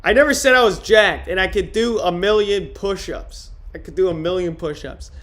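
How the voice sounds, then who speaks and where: A man streaming in casual livestream chat, trying out deadpan stand-up jokes on his viewers. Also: high-pitched, normal speed.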